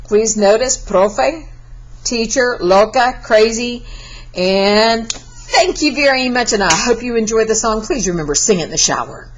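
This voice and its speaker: A woman's voice: on the high side, a little slow, slight background noise, low-quality recording. A Spanish teacher. She gives a recorded class lesson in a chatty, encouraging way and breaks into sung verses.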